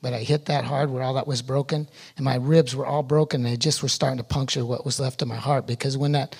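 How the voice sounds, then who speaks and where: A middle-aged man giving a sermon testimony, telling his story with animated energy that rises loud at its peaks. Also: mid-range voice, fast talker, creaky, husky. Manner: animated storytelling, rising loud when reliving pain.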